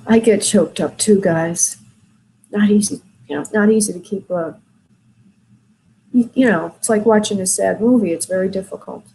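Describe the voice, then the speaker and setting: A woman hosting a call-in show as a spirit medium, talking gently and soothingly to callers, with many fillers. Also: medium pitch, a little slow, gravelly, long pauses, a little hiss or hum, rough recording. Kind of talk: call-in reading, soft and consoling.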